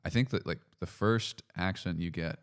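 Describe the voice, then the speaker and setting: A man from Canada hosting a podcast, talking in a relaxed, hesitant way with lots of fillers. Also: low voice, moderate pace, clean tone. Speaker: podcast host. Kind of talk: casual chat.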